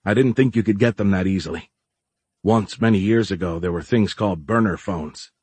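A man reading the lines of a weary, resigned man who works with tech, speaking in a tired, musing way with a low, husky voice. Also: normal speed, a little mellow, no echo.

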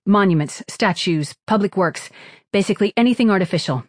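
A woman's voice: medium pitch, animated, a little fast, no echo, studio quality, pitched above the performer's own voice, close to an everyday voice. Narrator doing an eager young woman scientist.

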